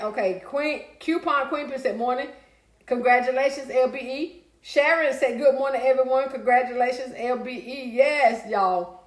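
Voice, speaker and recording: A lively woman, high and bright, chatting away on a live stream. Her voice rings around an echoey room as she reads comments aloud and answers them in a loose, excitable way. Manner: lively, chatty, breaks into song and laughter. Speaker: livestream host reading viewer comments. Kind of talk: casual live-stream chat.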